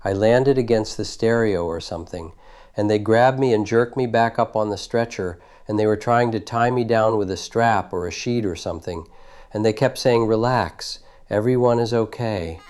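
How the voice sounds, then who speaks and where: A man in his thirties giving grand jury testimony, recounting a night in halting detail and often repeating himself. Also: lowish voice, a little mellow, smooth. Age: 30s. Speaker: witness testifying. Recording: old archival audio.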